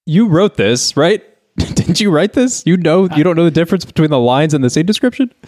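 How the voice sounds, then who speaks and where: A man's voice: a little high, sing-song, brisk, a little mellow, no echo. A man reading stage directions in a dry, reluctant, weary way during a comedic script reading. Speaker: co-host, reader.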